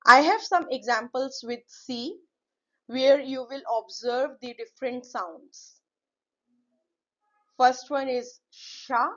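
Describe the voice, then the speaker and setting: A woman teaching French pronunciation in a slow lesson, repeating each word with drawn-out model pronunciations. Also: high-pitched, sharp tone, muffled recording.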